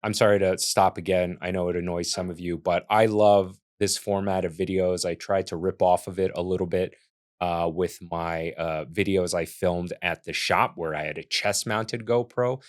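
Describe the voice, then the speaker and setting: Low-pitched American man, 40s, rambling earnest reaction host. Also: fairly even intonation, normal speed. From United States. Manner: earnest, rambling, frequent restarts. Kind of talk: casual reaction commentary.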